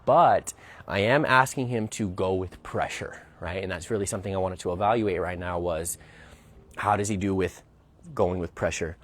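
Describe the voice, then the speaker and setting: A man's voice: sits low, moderate pace, a little hiss or hum. A man working as a dog trainer, explaining a training session outdoors as he goes and often checking in with "right?". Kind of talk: narrated training demonstration.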